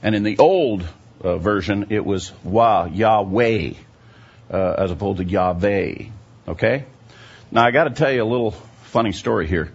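A man with a low, gravelly and husky voice teaches from the pulpit. He explains at length and keeps checking that his listeners follow. The recording sounds dull and lo-fi. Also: lively intonation, normal speed. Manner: explanatory, often checks in with the audience. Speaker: Bible teacher. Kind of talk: teaching sermon with a story.

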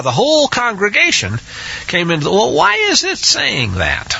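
A man's voice: high voice, wildly swooping pitch, moderate pace, creaky, bright, forceful tone, slightly rough. A man teaching a scripture study, hesitant with many restarts and acting out the quotes, on a dull lo-fi recording. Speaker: Bible teacher.

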